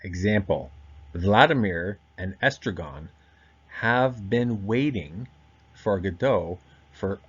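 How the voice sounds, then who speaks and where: A man giving a recorded grammar lesson, explaining step by step and slowing down to stress key words. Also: sits low, husky, muffled recording. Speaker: teacher.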